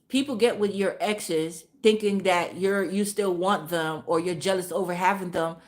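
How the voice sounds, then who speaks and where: A woman telling a story on her vlog in a blunt, profane, animated rant. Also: mid-range voice. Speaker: vlogger.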